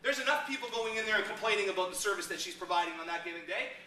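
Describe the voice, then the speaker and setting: Bright-voiced man giving a motivational seminar. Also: high voice, rapid-fire. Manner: animated, acts out little scenes in raised voices. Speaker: seminar speaker. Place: seminar room. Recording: echoey room, mic from a distance.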